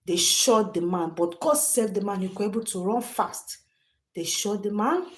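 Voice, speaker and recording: A woman's voice: mid-range voice, normal speed. Brief: woman, live-stream host talking straight to chat, emphatic, repetitive delivery. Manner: emphatic, repeats phrases, addresses chat directly. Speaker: livestream host.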